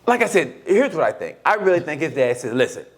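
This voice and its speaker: Animated middle-aged man telling stories. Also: fast talker. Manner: animated storytelling, swings between high and low, acts out quotes. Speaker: podcast co-host. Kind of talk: casual podcast conversation.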